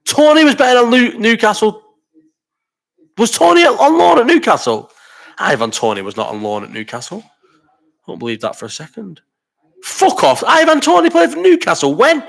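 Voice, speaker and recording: A man's voice: extremely high pitch, sing-song, gravelly, a bit bright. A man in his thirties hosting a live chat, rambling and swearing while reading out viewer comments, ill with a cough. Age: 30s. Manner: rambling and sweary, quick banter. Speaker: host of a live chat stream.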